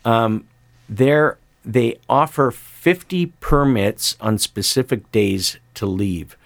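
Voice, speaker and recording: A man's voice: mid-range voice, slow, vocal fry, no echo. An older man chatting as a guest, telling rambling stories with lots of fillers. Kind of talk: casual conversation.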